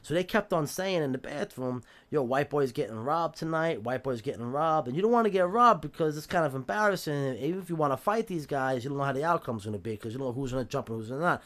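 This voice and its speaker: A man's voice: on the high side, lively intonation, fast, few pauses, fairly bright tone. A man with a New York accent telling jail stories on a podcast in a casual, streetwise way, swearing freely and acting out the voices he quotes. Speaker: podcast guest. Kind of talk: casual storytelling.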